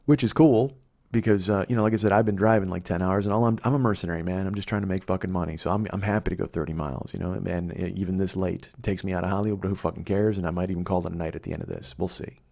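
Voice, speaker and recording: Man, deep voice, middle-aged, swearing a lot, comedic storytelling monologue. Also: racing, gravelly, darkish tone. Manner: profane, rambling, conversational. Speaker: podcast host.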